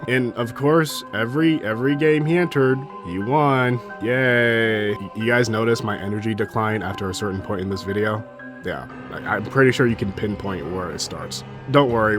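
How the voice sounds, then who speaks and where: A young man giving a casual history commentary, blunt and sarcastic and given to swearing. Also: on the low side. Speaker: history YouTuber.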